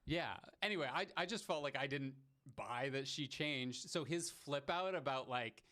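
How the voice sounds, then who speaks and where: A man co-hosting a podcast in casual chat, animated and laughing often. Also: medium pitch, moderate pace. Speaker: podcast co-host.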